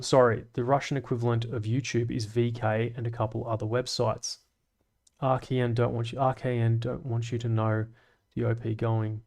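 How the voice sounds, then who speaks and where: A man's voice: mid-range voice, gravelly, a little mellow. A man, hosting a casual livestream and reading viewer comments in off-the-cuff, joking banter full of swearing. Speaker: streamer and channel host.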